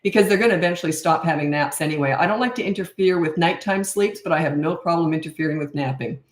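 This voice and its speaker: A woman's voice: fairly low pitch, fast talker. A middle-aged woman hosting a casual live Q&A as a parenting coach. She reads out viewer questions and answers them frankly and chattily into a camera mic. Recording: roomy echo.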